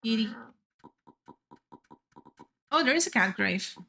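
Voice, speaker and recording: Young female streamer, chatty and giggly, highish bright voice. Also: animated, measured pace. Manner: rambling, chatty, laughs often. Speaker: game streamer. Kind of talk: casual chat while gaming.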